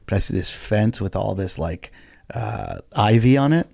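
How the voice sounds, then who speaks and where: Gravelly-voiced man telling a story. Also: lowish voice, expressive, moderate pace, dark tone, no echo, clean studio sound. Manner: storytelling, acting out both sides of the dialogue; loose, rambling with many fillers. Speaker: comedian. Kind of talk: casual podcast chat.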